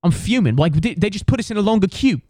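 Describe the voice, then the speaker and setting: A man's voice: high voice, animated, quick pace, dark tone, no echo, clean studio sound, voice pushed up. A man voicing a furious young British man who rants and swears in a long airport queue, in a British accent. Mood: fuming. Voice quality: sweary, repetitive ranting.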